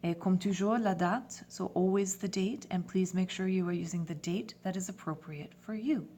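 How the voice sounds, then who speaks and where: A woman teaching a French lesson in English, giving clear step-by-step instructions. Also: fairly low pitch, normal speed, warm tone, a little hiss or hum. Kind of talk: classroom lesson.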